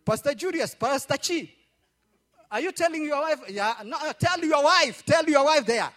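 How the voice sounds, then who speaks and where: High-voiced lively preacher man. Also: moderate pace. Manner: repetitive call-and-response preaching. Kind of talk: sermon with storytelling.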